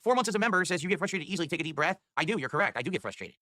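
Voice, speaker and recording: A man's voice: sits high, expressive, rapid-fire, bright, forceful tone, no room sound. A man streaming live, rambling in an exasperated way and swearing as he talks. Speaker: livestreamer.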